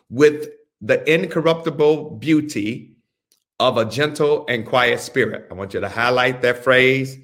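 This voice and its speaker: A male pastor leads a Bible study at an unhurried pace. His pitch sits in an ordinary middle range. He talks deliberately, repeats key phrases and gives careful instructions. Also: fairly bright tone.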